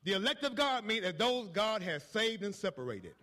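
A man preaching from the pulpit in a strikingly high, piercing voice. His delivery is ringing and forceful, full of repeated phrases and rhythmic build-ups. He drops into low, conversational asides before climbing back into shouted proclamations. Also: sing-song, moderate pace. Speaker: pastor. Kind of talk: sermon.

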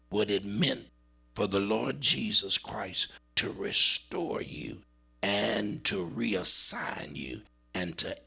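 Gravelly, raspy preacher man. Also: pushed and bright. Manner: dramatic, swings from high urgent cries to low murmurs. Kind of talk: sermon.

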